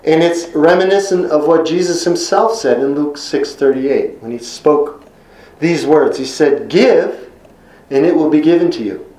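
A man preaching a sermon in an earnest, emphatic way, slowing down to stress key phrases. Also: a little high, a little mellow, echoey room, low-quality recording.

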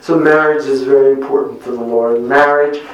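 A man's voice: medium pitch, fairly even intonation, moderate pace. A middle-aged man telling a personal testimony in a church, earnest and with wry self-deprecating humor. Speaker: church speaker giving a testimony. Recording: very echoey room, mic far off.

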